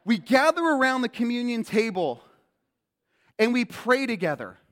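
A man preaching a sermon as pastor, animated and acting out quoted lines in a loud voice. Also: very high voice, moderate pace. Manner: animated, acts out quotes loudly. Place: church sanctuary. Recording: long hall reverb.

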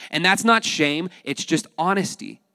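High-voiced male pastor preaching. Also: a little slow, gravelly, no room sound, clean studio sound, long reverb tail. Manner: animated, acts out voices, addresses the congregation. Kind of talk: sermon.

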